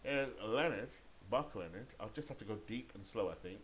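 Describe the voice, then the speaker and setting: A man's voice: lowish voice, lively intonation, a little fast, a bit bright, slight background noise, rough recording. A British man calling play-by-play for a baseball video game he is playing, chatting and thinking aloud between calls. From Great Britain. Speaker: gamer and play-by-play caller.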